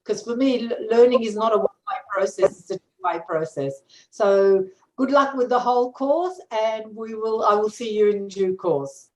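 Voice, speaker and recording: A middle-aged woman professor giving a courteous, measured self-introduction on an online course. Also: fairly high pitch, a little mellow, reverberant, poor audio.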